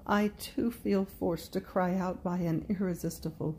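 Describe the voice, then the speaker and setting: A woman reading a devotional meditation in a slow, prayerful way, speaking directly to Jesus. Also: on the low side, fairly even intonation, warm tone, a little hiss or hum. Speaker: devotional reader.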